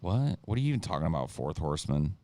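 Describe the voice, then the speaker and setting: A man with a very low voice rants heatedly on a podcast, cursing freely. He breaks into mocking impressions of the people he argues against. The sound is dry and close to the mic. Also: fast talker, no echo. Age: adult (an incumbent lost twice in his lifetime). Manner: profane, animated, mocks others with impressions. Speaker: podcast co-host. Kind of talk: heated political podcast rant.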